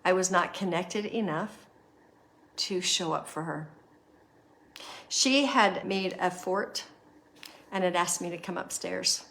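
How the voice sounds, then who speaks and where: A woman's voice: lowish voice, steady tone, slow pace, creaky, long pauses, fairly bright tone. A middle-aged woman hosting a podcast, earnestly guiding listeners through reflection and telling a personal story. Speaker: podcast host.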